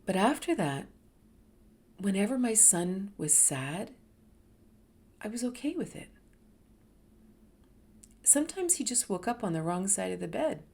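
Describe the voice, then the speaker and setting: A woman in her fifties speaks as host of a reflective talk. She tells her own story candidly, letting her voice sink into quiet, low stretches and then lift with emphasis. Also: measured pace, gravelly, long pauses, breathy edge. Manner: candid and expressive, dropping to soft murmurs and rising with emphasis. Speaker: host sharing a personal story.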